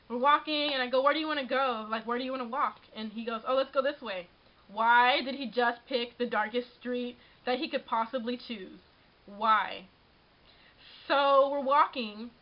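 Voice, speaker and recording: High-voiced young woman telling a story. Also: highs cut off. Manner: animated, exasperated, frequent laughs and "like". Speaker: vlogger. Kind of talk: casual storytelling vlog.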